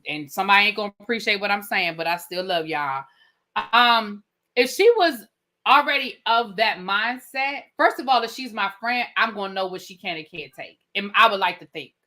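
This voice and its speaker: A woman with a Washington DC accent, telling stories in a casual, slangy chat as a podcast co-host. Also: medium pitch. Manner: animated storytelling, slangy, acts out her own past remarks.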